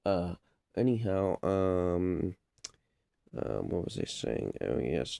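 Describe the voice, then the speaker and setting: A man's voice: low voice, sing-song, slow pace, vocal fry, dark tone, no echo, studio quality. A man talking in a rambling, playful monologue, full of fillers and trying out silly mock accents. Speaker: vlogger.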